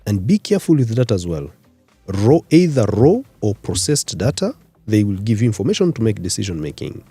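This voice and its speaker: A man from Rwanda, a career expert guest on a radio interview, explaining in numbered points with lively emphasis. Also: lowish voice, a little fast, breathy edge, dry recording, faint music behind. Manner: animated, lecturing in numbered points. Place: radio studio.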